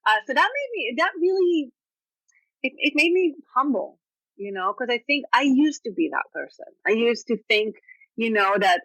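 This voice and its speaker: A woman speaking as a podcast guest, animated and reflective, often laughing between thoughts. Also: fairly high pitch, normal speed, dry recording, low-quality recording. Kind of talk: podcast interview conversation.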